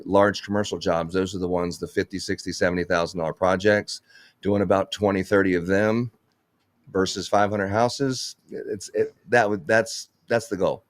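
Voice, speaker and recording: Low-voiced guy who runs a lights business, blunt and cussing, dry close sound. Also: no echo. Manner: blunt, swears, laughs often. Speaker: Christmas lights business owner, guest. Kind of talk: casual live chat.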